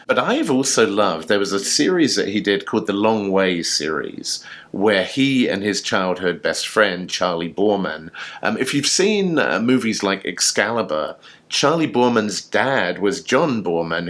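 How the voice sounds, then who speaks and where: A man with a very low voice chats casually as a show co-host. He tells his story with eager enthusiasm and plenty of fillers. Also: lively intonation, a little slow, fairly bright tone. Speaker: podcast co-host. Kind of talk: casual chat.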